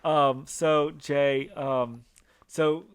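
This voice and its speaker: A man talks through a movie on a podcast he co-hosts, his voice sitting slightly high. He rambles, stops and restarts, and leans on fillers. His enthusiasm comes across as that of an eager film buff. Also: steady tone, extremely slow, smooth. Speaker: podcast co-host. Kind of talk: casual movie review chat.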